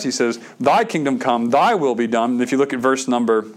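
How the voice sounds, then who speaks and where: A man's voice: medium pitch, animated, brisk, few pauses. A middle-aged man, preaching a sermon in a conversational way, with stammered restarts and bursts of emphasis. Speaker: pastor.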